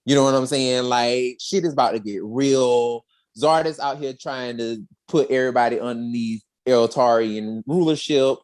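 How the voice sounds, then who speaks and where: A podcast co-host recapping a story in a sassy, slangy, animated way, with acted quotes. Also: medium pitch, normal speed. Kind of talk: casual chat.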